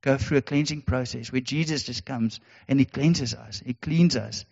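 A man's voice: mid-range voice, normal speed, vocal fry, darkish tone. A man preaching a sermon, earnest and repetitive, with emphatic rhetorical questions. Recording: dull sound in a reverberant hall.

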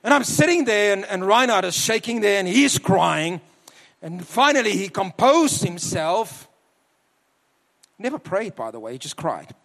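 A man with a high voice preaches to a church congregation, telling a story in a relaxed way and stretching out his words for emphasis. His voice rings through a large hall with a long reverb. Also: unhurried, vocal fry. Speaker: preacher, university leader. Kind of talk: sermon with personal story.

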